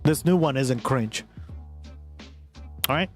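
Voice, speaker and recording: A man's voice: mid-range voice, expressive, slow. A man with a Boston accent streaming live, reacting to a video and talking to his chat in a loose, swearing style. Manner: chatty, talks to his chat, swears casually. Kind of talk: casual live-stream commentary. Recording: faint music behind.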